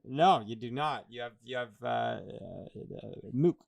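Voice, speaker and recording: A man co-hosting a podcast in casual chat, playful and quick to laugh. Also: mid-range voice, creaky. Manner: laughs easily, playful banter. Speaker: podcast co-host.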